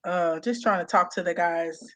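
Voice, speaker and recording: A young woman co-hosting a casual chat, animated and playful, laughing often. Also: fairly low pitch, normal speed. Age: young adult. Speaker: co-host.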